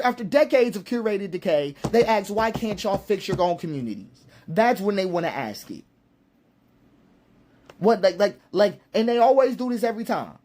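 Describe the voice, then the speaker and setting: A man's voice: high-pitched, darkish tone. A man giving an impassioned, preacherly monologue, repeating his points with emphasis. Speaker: commentator.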